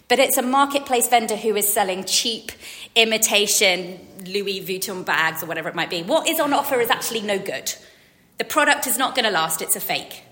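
A woman's voice: medium pitch, sharp tone. A woman in her forties giving a chatty, self-deprecating sermon, acting out quotes. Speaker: preacher. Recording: hall reverb.

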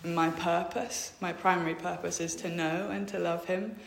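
Young woman giving a faith testimony, lots of ums, flat even voice, echoey room. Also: on the low side, normal speed, gravelly, slight background noise. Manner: hesitant, many ums, reads out Bible verses. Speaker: speaker sharing a faith testimony.

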